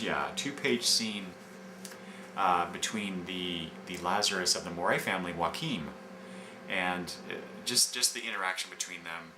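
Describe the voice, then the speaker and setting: A man casually retelling comic book scenes in a review, rambling with many fillers and restarts. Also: low voice. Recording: echoey room with background noise.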